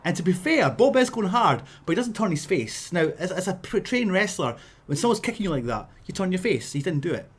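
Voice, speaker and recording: A Scottish man, a wrestler, telling a story in a casual vlog, animated and laughing, with punchy sound effects. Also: high-pitched, brisk, breathy edge.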